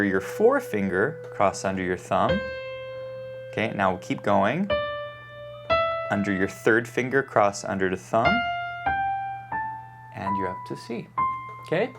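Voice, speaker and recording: A piano teacher with a medium-pitched voice demonstrates at the keyboard, calling out note names and fingerings as he plays. He checks in with his student often, asking "okay?", while loud piano playing sounds under his voice.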